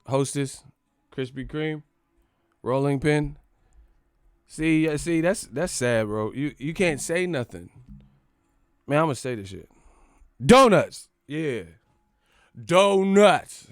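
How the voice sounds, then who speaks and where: A man's voice: a little high, clear, resonant tone, no echo. Dude ranting on his channel, cussing and joking, just rambling on, dry sound no room. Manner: profane, joking, rambling with laughs. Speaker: boxing channel host. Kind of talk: casual comedic rant.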